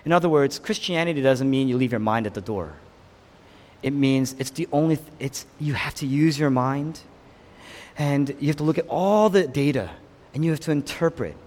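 A man preaching a sermon with passion, rising to loud peaks and dropping to hushed lows. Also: moderate pace. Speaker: pastor. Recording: long hall reverb.

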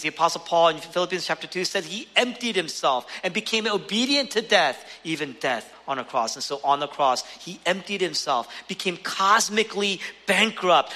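High, bright-voiced preacher in a big hall. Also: male voice. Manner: emphatic preaching, swinging between raised urgent passages and hushed low ones; rhetorical questions to the listeners. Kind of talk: sermon. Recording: long reverb of a large hall.

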